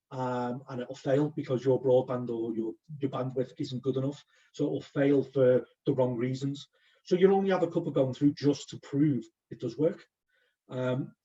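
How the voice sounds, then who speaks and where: Croaky male guest speaker, casual and halting, dark tone, distant muffled call audio. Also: mid-range voice. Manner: casual, many ums, self-correcting. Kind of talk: webinar talk. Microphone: video call.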